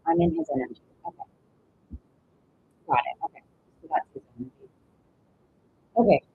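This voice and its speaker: A woman doing a live-stream tarot reading, chatty, with breathy pauses and drawn-out exclamations. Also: lowish voice, big pitch swings. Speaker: tarot reader. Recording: dull lo-fi stream audio with faint noise.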